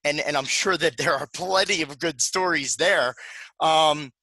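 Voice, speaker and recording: A man's voice: a little high, measured pace, bright, forceful tone, dry recording, rough recording. A man presenting a panel talk on games, speaking conversationally with many fillers and restarts.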